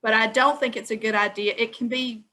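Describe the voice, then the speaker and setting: Bright-voiced woman making her point. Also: fairly high pitch, fairly even intonation, fairly quick, slight background noise, low-quality recording. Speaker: webinar participant. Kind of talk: giving an opinion in a video call.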